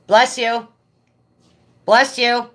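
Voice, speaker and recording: A woman hosting a casual livestream from home, chatting excitedly with viewers by name, talking into a phone propped up in front of her. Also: fairly high pitch, very slow. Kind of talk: casual live chat.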